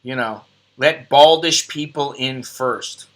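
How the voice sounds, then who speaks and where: A man's voice: medium pitch, slow, fairly bright tone. A middle-aged American man hosting a casual live stream from his computer, rambling and joking at himself. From United States. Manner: rambling, self-deprecating, joking. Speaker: host.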